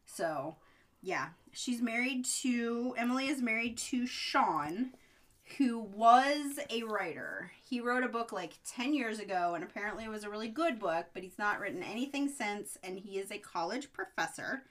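A woman co-hosting a casual podcast, recapping a film with animated quotes and asides. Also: a little high, normal speed. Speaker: podcast co-host. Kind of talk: casual chat about a movie.

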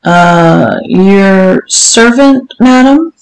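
A woman's voice: lowish voice, a little slow, close to an everyday voice. A woman voicing a meek, flustered young stable lad who speaks hesitantly and submissively. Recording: roomy echo.

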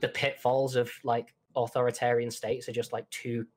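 A man's voice: medium pitch, level tone, moderate pace, a little mellow. A young man in his twenties from Manchester with a Mancunian accent, talking casually as a podcast guest, swearing often and full of fillers. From Manchester, England. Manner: swears a lot, many fillers and restarts.

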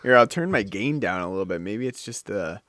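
A man's voice: on the low side, lively intonation, fairly quick, fairly bright tone. A man hosting a podcast in casual chat, rambling with lots of fillers, close to the microphone. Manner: rambling, with many fillers and restarts. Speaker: podcast host.

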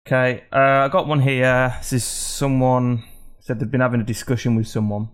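Man, podcast host, casual chat, blunt, sweary, rambling, mid-pitched voice. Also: level tone, moderate pace, clean tone.

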